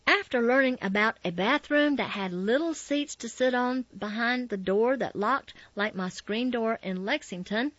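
A woman narrating a memoir in a calm, measured reading. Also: a little high, no echo. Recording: slightly dull, dry recording.

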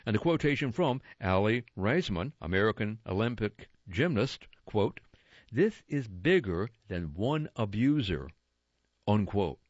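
A man reading a news magazine aloud in a slow, deliberate way, describing where each story sits on the page and marking quotes with quote and unquote. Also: on the low side, big pitch swings, dry recording. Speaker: magazine reader for listeners. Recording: dry, slightly dull lo-fi recording.

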